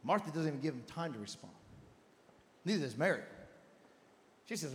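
A man preaching a sermon as pastor, telling a Bible story in chatty modern voices and rising to shouted passages. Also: a little high, wildly swooping pitch, a little fast, pauses often. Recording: long hall reverb.

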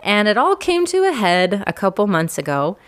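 A woman's voice: mid-range voice, sing-song, moderate pace, clean tone. A woman in her thirties telling a personal story in a candid, self-deprecating way, often laughing.

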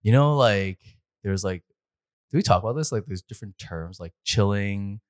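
A man's voice: lowish voice, expressive, moderate pace. A man with a Canadian accent co-hosting a casual chat, laid-back and laughing often. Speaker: podcast co-host.

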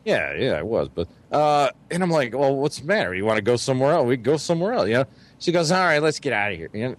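Talking fast in a mid-range voice, a podcast co-host shares a dating story with friends during a casual chat, laughing and cursing through his animated telling.

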